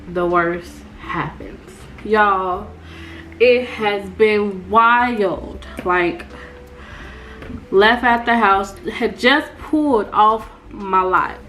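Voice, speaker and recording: A young woman, telling her viewers a story in an animated storytime vlog and calling them y'all. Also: on the low side, a little hiss or hum. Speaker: vlogger.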